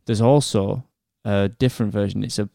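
A man with a Northern English accent, a podcast co-host explaining something in halting, repeated bits of casual chat. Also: fairly low pitch, steady tone, creaky, mellow, no room sound, clean studio sound.

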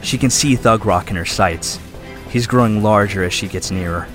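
A man's voice: fairly low pitch, moderate pace, music in the background. A man running a tabletop game as game master, narrating the scene in vivid detail. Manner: vivid descriptive storytelling.

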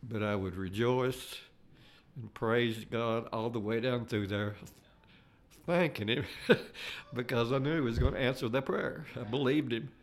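An older man giving an earnest personal testimony, halting and restarting as he talks. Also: medium pitch. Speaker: layman giving a faith testimony.

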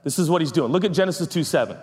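A man's voice: on the high side, lively intonation, racing, a little mellow, husky. A man preaching a sermon, telling the story with playful asides and acting out the people in it. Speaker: pastor. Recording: hall reverb.

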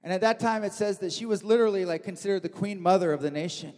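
High-voiced man preaching in a reverberant hall. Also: fast. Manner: animated storytelling, acts out quotes. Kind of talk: sermon.

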